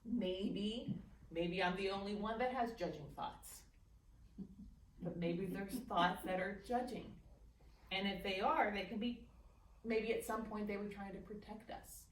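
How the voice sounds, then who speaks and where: A woman leading a guided meditation class in a library meeting room, gentle and playful, dropping into a soft aside voice when she speaks to her thoughts. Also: medium pitch, measured pace, a little hiss or hum. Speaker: meditation teacher. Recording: echoey room from a distance.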